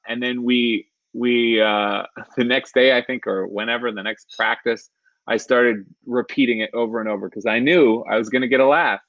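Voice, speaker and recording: A man's voice: mid-range voice, a bit bright, no room sound. A stand-up comedian in his thirties from the San Francisco Bay Area, telling a personal story on a live stream, chuckling often and rambling with fillers. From San Francisco Bay Area, California. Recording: dull lo-fi live-stream audio.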